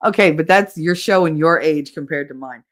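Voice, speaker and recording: A woman hosts a loose, laugh-filled livestream chat. Her speaking voice sits a little low. She tells animated stories and acts out what other people said. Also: normal speed. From Hoboken, New Jersey. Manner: animated storyteller, laughs often, acts out quotes. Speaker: livestream podcast host. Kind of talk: casual chat reading viewer comments.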